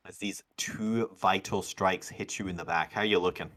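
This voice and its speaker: A man with a fairly low voice narrates a tabletop game as its game master. He explains rolls and rules in a relaxed, patient way. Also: moderate pace.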